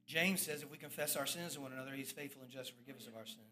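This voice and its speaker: A man preaching his own testimony as a sermon, swinging between loud bursts and hushed, low confessions as he tells his story. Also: very fast, over music. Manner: storytelling with acted-out quoted voices.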